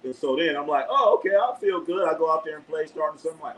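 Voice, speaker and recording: A man's voice: fairly high pitch, fast, a little hiss or hum, low-quality recording. A man from Los Angeles hosting a live sports show, talking in a loose, profane, trash-talking way. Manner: animated, profane trash talk. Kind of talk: casual live sports chat.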